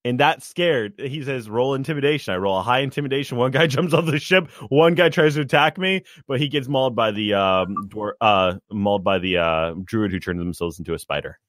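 A man telling a tabletop game story in a casual chat, animated and acting out his character's shouted lines. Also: mid-range voice, fairly quick, few pauses, dry recording, clean studio sound.

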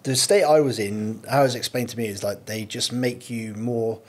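A man's voice: mid-range voice, fairly even intonation, moderate pace. A man, a podcast guest, talking candidly in casual chat with many restarts and storytelling. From United Kingdom.

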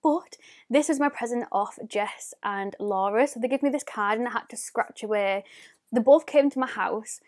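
With a fairly high yet darkish voice at a moderate pace, this woman shows off her presents in a casual beauty unboxing vlog. She's a chatty rambler who leans heavily on "like."

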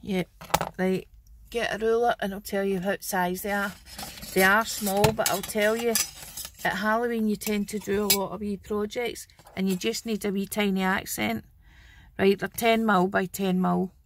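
A woman's voice: medium pitch, level tone, normal speed, background noise. A Scottish woman chatting homely and casually as she shows off her craft haul. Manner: chatty and homely, fond of 'wee'. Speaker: craft channel host. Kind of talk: casual show-and-tell haul video.

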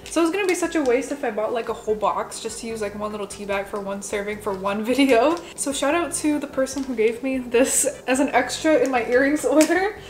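A woman's voice: on the high side, a little fast, hardly any pauses. A young woman in her twenties chatting her way through a home cooking vlog, rambling and self-deprecating, with lots of "like" fillers. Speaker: cooking vlogger. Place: home kitchen.

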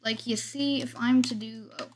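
A woman's voice: on the high side, steady tone, normal speed, slight background noise. Chatty woman giving gameplay commentary. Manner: chatty, narrates every move, jokes about herself. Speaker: gameplay video host.

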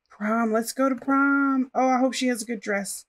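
A woman's voice: a little high, steady tone, a little slow. A woman casually commenting on her life-simulation gameplay and chatting to her characters as she plays. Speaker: gaming channel host.

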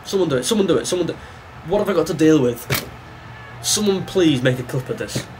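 A man's voice: on the high side, lively intonation, quick pace, background noise. Exasperated man playing a football game. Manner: reactive, exasperated, talks to the game. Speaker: gaming YouTuber. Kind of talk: live gameplay commentary.

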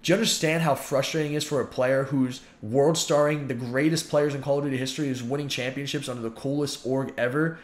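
A man's voice: mid-range voice, steady tone, fast talker, hardly any pauses, reverberant. A man in his twenties venting his frustration in a heated, repetitive vlog monologue. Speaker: YouTuber and pro gamer.

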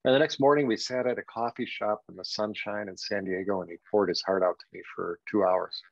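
An older man, a guest on a podcast, telling a personal story in a reflective, halting way with many "you know"s. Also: on the low side, fairly even intonation, gravelly, no echo. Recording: dull, dry lo-fi sound.

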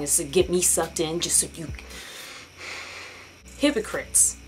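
Brief: young woman vlogger, lowish voice, sarcastic and profane, faint room hum behind. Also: a little slow, pauses often, low-quality recording. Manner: sarcastic, profane and animated, mocking others in put-on voices. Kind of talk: casual ranting vlog.

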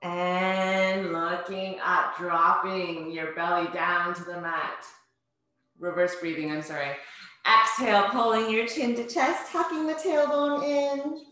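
Slow, encouraging woman fitness instructor. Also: mid-range voice, steady tone, bright, forceful tone. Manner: encouraging, cues breathing and movement step by step. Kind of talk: guided home workout class. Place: home. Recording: very echoey room.

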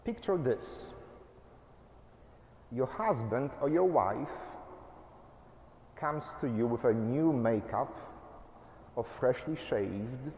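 A male pastor giving a sermon in a measured way, in short phrases. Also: mid-range voice, lively intonation, warm tone, echoey room, long reverb tail, slight background noise.

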